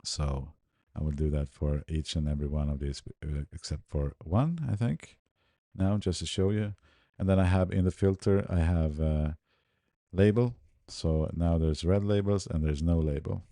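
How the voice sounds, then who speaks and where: A man's voice: extremely low pitch, moderate pace, no echo, clean studio sound. A man talking through a photo editing tutorial, narrating his steps as he works and often muttering to himself. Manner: relaxed, muttering to himself while working. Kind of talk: screen-recorded editing tutorial.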